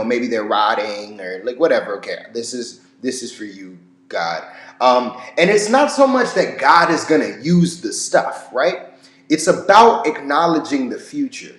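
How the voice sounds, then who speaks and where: A man giving a casual, rambling commentary on scripture, full of fillers and the odd curse word. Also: medium pitch. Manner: rambling, filler-heavy, profane. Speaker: religion commentator. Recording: roomy echo.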